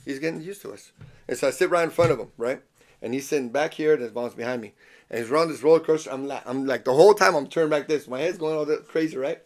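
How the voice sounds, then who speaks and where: A man hosting a podcast, telling a story in a casual, animated way, swearing often and dropping in Spanish phrases. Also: fairly high pitch, fast talker. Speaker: podcast host.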